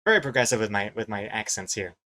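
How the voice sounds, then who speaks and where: A man's voice: lowish voice, quick pace, pushed and bright. A young man from New Zealand with a mixed, slightly American-sounding accent, chatting casually on a live stream while he draws, reading chat messages aloud and laughing easily. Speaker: webcomic artist and streamer.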